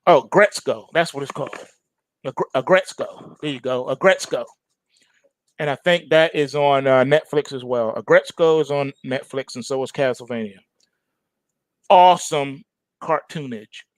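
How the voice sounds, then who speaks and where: A man's voice: a little high, dry recording. A middle-aged man hosting a trading show, rambling casually and animatedly, full of fillers and chuckles.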